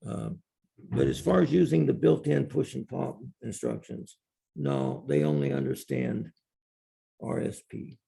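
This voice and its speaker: A man's voice: medium pitch, expressive, a little slow, vocal fry, mellow. A male professor giving a university lecture in a classroom, explaining step by step and repeating key terms.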